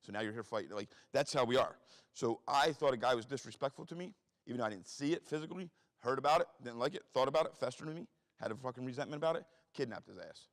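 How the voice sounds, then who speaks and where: Brisk, blunt middle-aged male storyteller, profane, in a reverberant hall. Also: medium pitch. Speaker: guest speaker. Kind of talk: storytelling talk to an audience.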